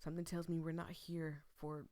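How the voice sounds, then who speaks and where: A woman voicing a weary, jailed grown man in a game, talking low and confiding. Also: little pitch movement, a little fast, mellow, slight background noise.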